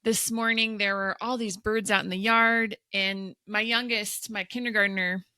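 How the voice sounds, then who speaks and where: Bright-voiced woman podcast host. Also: medium pitch, moderate pace, clear, resonant tone, no echo. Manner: chatty, animated storyteller. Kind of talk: casual podcast chat.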